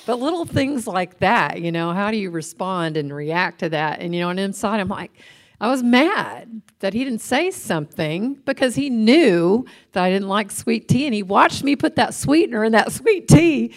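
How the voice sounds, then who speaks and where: A middle-aged woman co-hosting a casual faith talk, telling stories with animated laughter. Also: mid-range voice, normal speed. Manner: laughs often, animated storytelling. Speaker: co-host.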